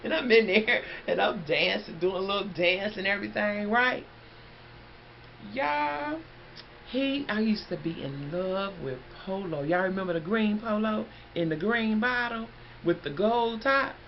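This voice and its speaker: Woman, mid pitch, gravelly, chatty storyteller, faint hiss behind. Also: unhurried. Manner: animated, chatty, addresses listeners as y'all. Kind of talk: casual storytelling to viewers. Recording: dull lo-fi, faint background noise.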